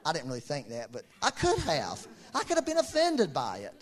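A man's voice: fairly high pitch, huge pitch swings, brisk, soft background music. A middle-aged man preaching a sermon, telling stories, acting out quoted voices and laughing often. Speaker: pastor.

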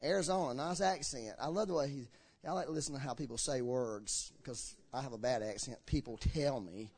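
In church, a man of medium pitch preaches at a fairly quick pace, slurring his words. His storytelling is animated, and he acts out the voices of the people he quotes.

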